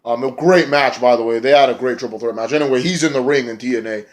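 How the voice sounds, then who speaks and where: A man rambling through a casual wrestling recap in a vlog, excitable and often swearing. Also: mid-range voice, quick pace. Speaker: wrestling reviewer.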